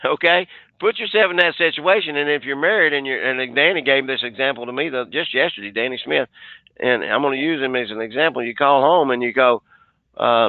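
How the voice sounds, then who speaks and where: A man's voice: mid-range voice, a little fast, no echo. A man, a sales trainer, coaching a group on a webinar; he talks with energy, restarts often and acts out bits of dialogue. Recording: dry, tinny phone-like line.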